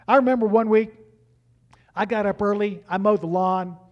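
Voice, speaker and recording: A middle-aged man preaching as a pastor, telling family stories with halting restarts and acting out the dialogue. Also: high voice, dull audio. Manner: animated, acts out dialogue in raised voices; halting restarts and repeated words. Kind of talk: storytelling sermon.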